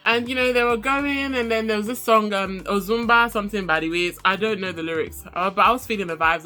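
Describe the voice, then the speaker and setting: A young woman chatting casually through a reality show recap, animated and quick to laugh. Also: soft background music. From Nigeria. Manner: animated, laughs often, mimics people in high voices.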